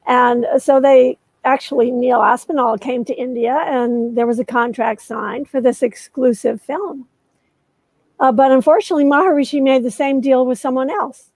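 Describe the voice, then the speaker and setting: A woman in her seventies with a high, bright voice tells a long story as a guest author. She goes into detail and often pauses on "uh". The sound is dry and close. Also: steady tone, no room sound, poor audio. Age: 70s. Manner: detailed storyteller, many "uh" fillers. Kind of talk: storytelling in a conversation.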